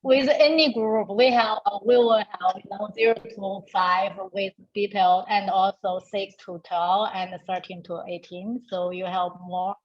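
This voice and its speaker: Halting woman on a muffled call. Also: mid-range voice, level tone, a little hiss or hum. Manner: halting, many fillers, laughs often. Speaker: parent educator at a nonprofit. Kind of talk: video call introduction. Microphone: video call.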